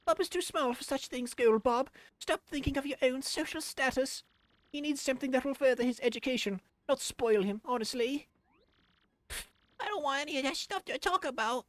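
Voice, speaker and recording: A man reading video game characters' lines aloud in a high, sing-song put-on voice. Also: moderate pace, a bit bright, no room sound. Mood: playful.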